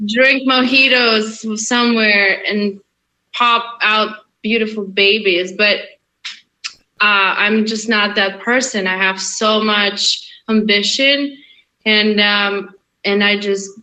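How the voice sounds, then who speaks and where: A woman's voice: medium pitch, steady tone, takes it slowly, sharp tone, low-quality recording. A young woman with a light Russian accent, an actress guest on an interview podcast, talking in an earnest, emphatic way and often repeating phrases. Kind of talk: casual interview chat.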